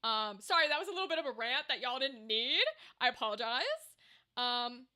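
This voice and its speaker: Bright, high-voiced chatty woman streamer. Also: fairly quick. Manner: chatty, rambling, reacts to chat. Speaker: live streamer and voice actor. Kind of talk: casual live stream chat. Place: home room with a table setup. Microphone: desk microphone.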